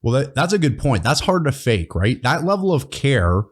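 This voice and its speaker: A man's voice: mid-range voice, sing-song, normal speed, breathy edge. A man who founded a training course, talking earnestly as a podcast guest and often checking in with "right?". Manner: earnest, explains with frequent "right?" tags. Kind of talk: casual interview chat.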